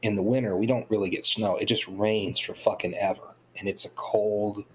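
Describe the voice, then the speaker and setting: A man with a fairly low voice talks loosely and bluntly, swearing freely. A faint noise sits under his voice. He sounds like a guy griping among friends. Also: steady tone, normal speed, poor audio. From North Georgia, US. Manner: profane and blunt. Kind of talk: casual chat.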